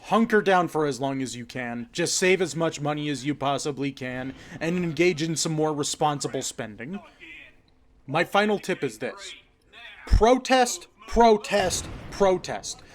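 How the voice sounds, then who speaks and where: A man's voice: fairly high pitch, lively intonation, normal speed. A man giving a direct-to-camera political rant, profane, emphatic and hectoring. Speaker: political commentator.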